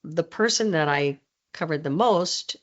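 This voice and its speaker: A middle-aged woman, a former journalist, telling anecdotes in a relaxed interview, with many fillers and restarts. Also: sits low, unhurried, highs cut off. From New Orleans roots. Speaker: guest, former television journalist. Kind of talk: casual storytelling interview.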